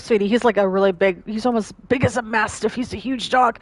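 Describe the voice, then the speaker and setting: A woman plays a mystery game at home and chats as she goes, often breaking off to coax her dog. She is a little sick and clears her throat now and then. The sound is dry and close. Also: a little high, steady tone, fairly quick, few pauses, no room sound. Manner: chatty, easily distracted, talks fondly to her dog. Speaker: gaming streamer. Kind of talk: casual gameplay commentary.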